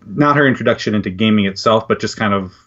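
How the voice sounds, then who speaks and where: A man's voice: on the low side, fast, fairly bright tone. A man who is a podcast guest, talking earnestly and reflectively in casual chat with hesitant restarts. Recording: dull lo-fi audio.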